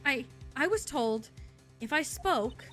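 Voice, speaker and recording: A woman's voice: medium pitch, normal speed, fairly bright tone, soft background music, pitched below the performer's own voice, close to an everyday voice. A woman voicing a frightened young woman witness in a game, who trembles, stutters and pleads. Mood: scared. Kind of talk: fan voice-over of a game's dialogue.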